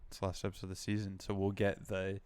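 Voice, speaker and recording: A young man co-hosts a laid-back pop culture podcast, rambling quickly in a low, monotone voice peppered with "like" and "um." His tone is smooth and somewhat dark.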